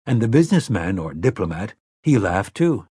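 Husky male audiobook narrator. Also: lowish voice, no echo, clean studio sound. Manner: measured, expressive storytelling. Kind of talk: scripted narration.

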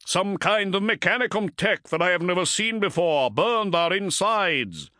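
A man voicing a grim, proud male warship captain who gives grave, measured commands. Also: fairly high pitch, big pitch swings, pushed and bright, dry recording, clean studio sound, pitched above the performer's own voice, full character voice.

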